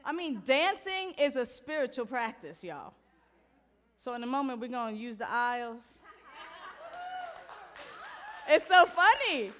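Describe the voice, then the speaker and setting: A woman minister giving a lively, playful sermon, talking straight to the congregation and moving into a softer guided meditation. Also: sits high, a little slow, long pauses.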